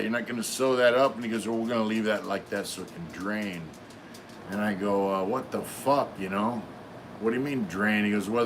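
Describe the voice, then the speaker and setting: A man's voice: lowish voice, a bit bright, slight background noise. A middle-aged man hosting a live stream, telling a long story casually with lots of fillers and swearing. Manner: rambling, profane, many fillers.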